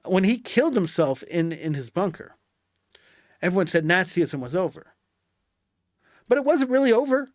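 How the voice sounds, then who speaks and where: Fired-up guy ranting on his own, bit high voice, dry close sound. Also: very animated, normal speed, long pauses, no room sound. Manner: impassioned, indignant, repeats phrases for emphasis. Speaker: political commentator. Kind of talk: solo commentary monologue.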